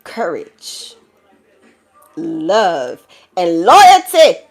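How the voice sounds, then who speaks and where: Low-pitched and very slow, with vocal fry and wildly swooping pitch, a woman from the Bronx gives a collective tarot reading in a New York accent. She preaches bluntly and profanely, laughing through it and calling her viewers child and baby.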